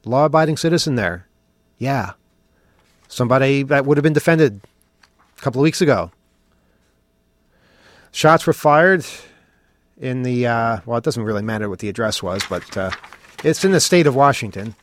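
A podcast host delivers an opinionated talk-show monologue, riffing sarcastically with mock questions before turning earnest. His mid-range voice has lively intonation and a normal speed, with frequent pauses and no echo.

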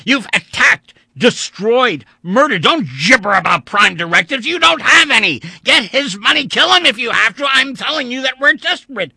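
A man voicing a desperate, furious male spacefarer who shouts and pleads in a high, strained voice. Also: sing-song, moderate pace, slightly rough, no room sound, heavily acted. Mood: screaming.

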